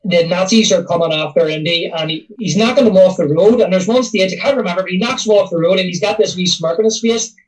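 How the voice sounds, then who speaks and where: A man co-hosting a podcast, chatting casually about movies in a relaxed, meandering way. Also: high-pitched, fast, few pauses, far from the mic, low-quality recording. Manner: relaxed, meandering, many fillers. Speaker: podcast co-host. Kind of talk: casual film chat.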